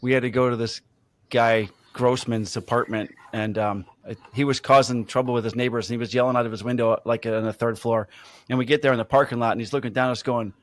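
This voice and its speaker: A man's voice: medium pitch, no room sound. A man in casual chat, telling a police story with energy and some swearing. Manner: energetic, swearing, quick to laugh.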